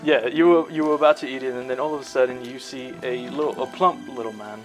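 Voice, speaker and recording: A man's voice: mid-range voice, steady tone, fast, over music. A man narrating as game master, laid-back and stop-start, often laughing.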